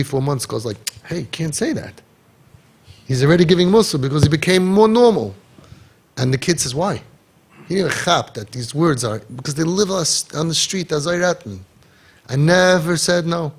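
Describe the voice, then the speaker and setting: A man giving an impassioned inspirational talk, animated, acting out bits of dialogue and repeating his key points. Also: medium pitch. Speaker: inspirational speaker.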